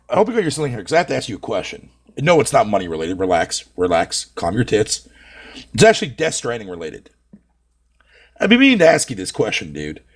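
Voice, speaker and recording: A man live streaming, venting at length in a casual, rambling way, swearing heavily and leaning on filler phrases. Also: lowish voice.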